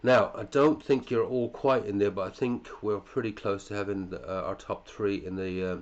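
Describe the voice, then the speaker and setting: A man's voice: lowish voice, fairly even intonation, moderate pace, lo-fi sound. A male fantasy football podcast host in casual chat, running through listeners' teams, chatty, with muttered asides and casual swearing.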